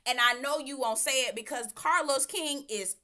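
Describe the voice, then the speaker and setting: A woman with a bright, fairly high voice reviews a reality series in an opinionated, casual way. She is sassy and emphatic, and she speaks straight to the people on the show as if they were in front of her. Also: normal speed.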